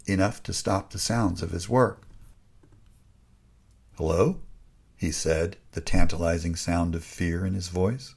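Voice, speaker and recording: Gravelly deep-voiced older man narrating. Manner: hushed, suspenseful storytelling. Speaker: author narrating his memoir. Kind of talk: audiobook narration.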